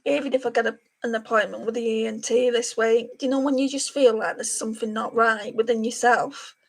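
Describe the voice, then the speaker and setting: A woman's voice: fairly high pitch, steady tone, a little fast, vocal fry. A woman chatting casually to viewers by name while she does her makeup on a livestream. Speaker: beauty livestream host.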